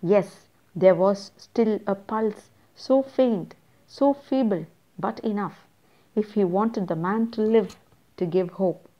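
A woman teacher with an Indian English accent, reading a story aloud slowly and stopping to explain words and tell students what to underline. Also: medium pitch, dull audio.

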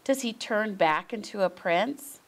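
Lady doing a grumpy little girl frog, wry and grumbly, gravelly. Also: mid-range voice, expressive, measured pace. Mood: grumbling. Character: grumpy young female frog.

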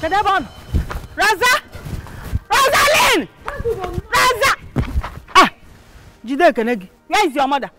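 A Nigerian actress playing a pushy female cloth seller who shouts demands for her debt. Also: very high-pitched, sing-song, unhurried, pauses often, heavy background noise, exaggerated voice. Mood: angry. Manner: shouting, aggressive, mixes Igbo.

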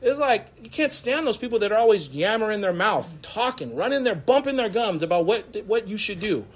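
A male pastor giving a lively, casual sermon in church, mixing slang and laughter into his preaching. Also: sits high, a little fast, breathy edge. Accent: American.

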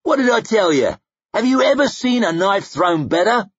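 A man's voice: high voice, very animated, moderate pace, breathy edge, no echo, highs cut off, pitched above the performer's own voice, heavily acted. A man doing a cocky, boastful mercenary. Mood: gloating. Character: cocky, boastful male mercenary knife-thrower.

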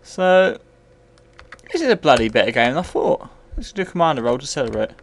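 A man's voice: mid-range voice, fairly quick, vocal fry, a little hiss or hum. A tipsy man commentating live as he plays and reviews an old computer game, swearing freely and rambling. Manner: sweary, rambling, bursts into excited yells.

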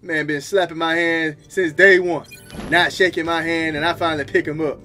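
Over loud game music, a man hosting a gaming video trash-talks in brash slang while playing live, laughing frequently. His voice is on the high side with little pitch movement, at a moderate pace.

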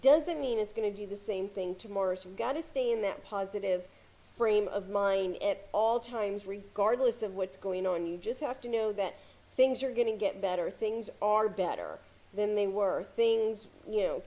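A woman giving casual motivational advice to camera as a success coach, talking calmly with frequent "you know" fillers. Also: mid-range voice, moderate pace. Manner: calm, conversational, many "you know" fillers.

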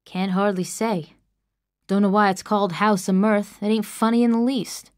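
A woman's voice: mid-range voice, fairly even intonation, moderate pace, lightly acted. A woman voicing a terse male storekeeper who speaks in clipped rural dialect, in an audiobook. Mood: flat. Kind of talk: audiobook character voice.

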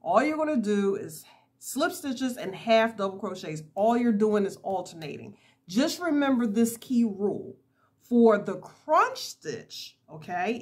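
A woman's voice: fairly high pitch, breathy edge. A woman hosting a casual crochet tutorial, chatty and laughing at herself as she works.

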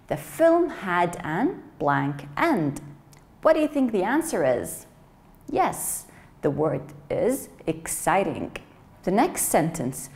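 A woman teacher giving a slow, clear English vocabulary lesson for children. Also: medium pitch. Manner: slow, clear, lively classroom delivery.

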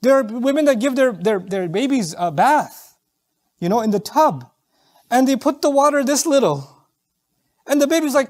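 High-voiced man giving an emotive sermon. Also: very animated, moderate pace, darkish tone. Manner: emotive storytelling, acts out quoted voices, recites Arabic verses. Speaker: preacher.

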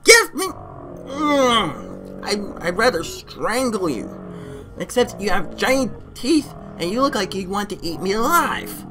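A woman giving let's play commentary on a game, excitable and exasperated, talking to the character on screen. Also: mid-range voice, a little slow. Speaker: gamer. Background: game music.

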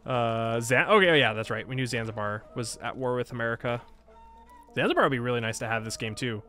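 Man, gameplay commentator, thinks aloud, mid pitch, self-mocking grumbles, faint music bed. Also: quick pace, pushed and bright. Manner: thinks aloud, frustrated and self-mocking, frequent sighs and laughs. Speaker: gaming YouTuber. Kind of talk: casual Let's Play commentary.

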